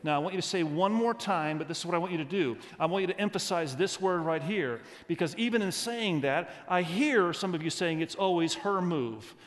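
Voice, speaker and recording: Animated preacher in a big reverberant church. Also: male voice, high-pitched, fairly quick, hardly any pauses. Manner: animated preaching, leads the congregation in call-and-response. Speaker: pastor. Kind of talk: sermon. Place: large church. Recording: church sound with long hall reverb.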